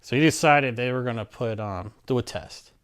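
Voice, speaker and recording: Man from Maryland, mid-pitched, plainspoken storyteller who rambles and acts out old conversations. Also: normal speed, clear, resonant tone. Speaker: interviewee. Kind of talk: casual personal storytelling.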